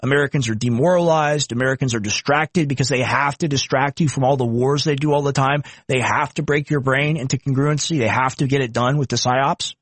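A man hosting a reaction commentary, heated and scornful, with sudden jumps in pitch. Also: fairly even intonation, fairly quick, few pauses, dry recording. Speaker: political commentator. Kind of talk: reaction commentary on a video clip.

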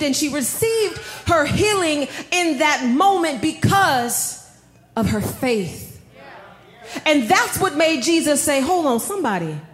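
A woman preaching a sermon, telling a personal story with animated delivery and calling the audience y'all. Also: high-pitched, roomy sound.

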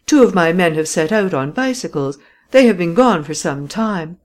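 A woman voicing a calm, matter-of-fact male police commissary in a storybook reading. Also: fairly low pitch, normal speed, lightly acted. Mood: confident.

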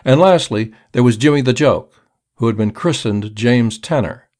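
A man narrating a crime story in a measured, steady audiobook reading. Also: mid-range voice.

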